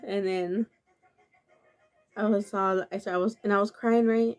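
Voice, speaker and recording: A woman vlogger talks slowly and unhurriedly, sharing a personal story to her viewers. She sounds earnest and confessional, speaking in a loose, casual way full of filler words. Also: mid-range voice, fairly even intonation.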